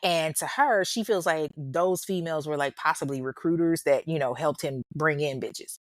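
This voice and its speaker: A woman's voice: sits low, normal speed, no room sound, studio quality. A woman hosting a true-crime show, telling the story in casual commentary with blunt, profane asides.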